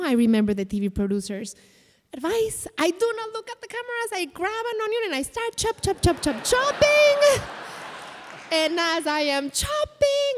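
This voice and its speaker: Animated Mexican woman telling a live story. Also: extremely high pitch. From Mexico City. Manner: vivid, dramatic, animated. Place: stage in a large hall. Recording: echoey live hall.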